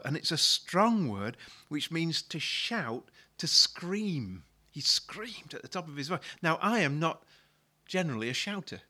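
A man's voice: fairly high pitch, bright, forceful tone. A male pastor preaching a sermon, retelling a story in a conversational way and often repeating words as he restarts a thought.

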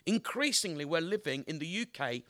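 High, bright-voiced male evangelist. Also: lively intonation, brisk. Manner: emphatic, asks the audience rhetorical questions. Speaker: evangelist preacher. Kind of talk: sermon.

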